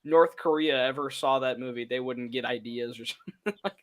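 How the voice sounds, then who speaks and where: A man's voice: mid-range voice, brisk. A young man chatting casually while watching a movie with friends, rambling with many fillers and laughing often. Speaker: co-host of a movie watch-along. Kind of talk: casual chat.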